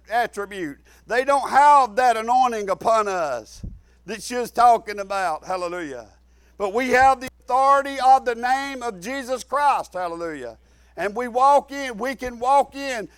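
A middle-aged man, preaching a folksy sermon full of repetition and sudden shouted emphasis. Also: extremely high pitch, a little slow, clean tone, dry recording.

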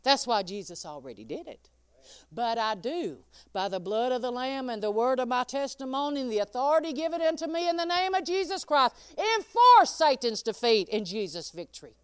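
A woman's voice: sits high, sing-song, normal speed, clear, resonant tone, no room sound. A woman preaching a sermon, laughing often and calling out listeners by name.

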